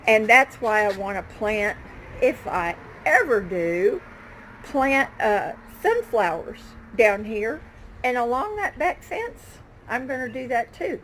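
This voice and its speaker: A woman's voice: a little high, very animated, slow pace, fairly bright tone, slight background noise, poor audio. A woman chatting casually to her viewers outdoors in her backyard garden, fond of her plants. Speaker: gardening vlogger. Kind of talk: casual show-and-tell chat.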